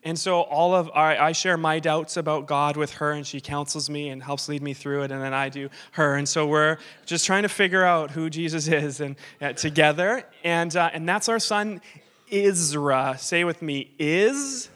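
A man's voice: a little high, fairly even intonation, normal speed, a bit bright. Joking missionary man in his thirties. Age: 30s. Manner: joking, self-deprecating, rambling asides. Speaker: visiting missionary speaker. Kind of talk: church talk with humorous stories. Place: church sanctuary. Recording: long hall reverb.

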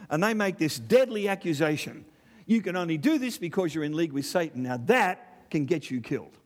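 An Australian man in middle age delivers a lively sermon, throwing rhetorical questions and quick asides at his listeners. His voice sits a little high for a man and swings widely in pitch as he presses each point. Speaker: preacher.

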